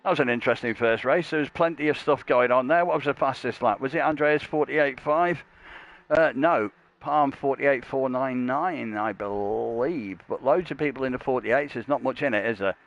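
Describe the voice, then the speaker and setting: A man's voice: moderate pace, lo-fi sound. Chatty man calling a sim race. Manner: chatty and jokey, with rambling asides; gets louder and higher at race starts. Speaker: sim racing commentator and stream host. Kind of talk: live esports race commentary.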